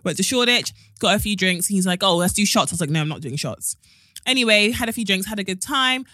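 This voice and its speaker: Brief: young woman, podcast co-host, rapid bright delivery, dry close sound, animated storyteller. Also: medium pitch, dry recording. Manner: animated, acts out quotes, swears. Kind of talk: casual chat, storytelling.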